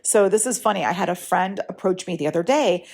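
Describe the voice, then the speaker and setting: A woman's voice: lowish voice, expressive, brisk, a little mellow. A woman who works as a writing coach, hosting a podcast in a casual, frank way, often checking in with "right?". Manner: chatty, keeps checking in with "right?"; frank, lightly profane. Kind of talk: casual solo podcast talk.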